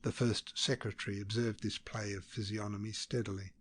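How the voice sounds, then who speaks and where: Male narrator with a low voice, steady and measured, reading a classic novel. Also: husky. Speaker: audiobook narrator.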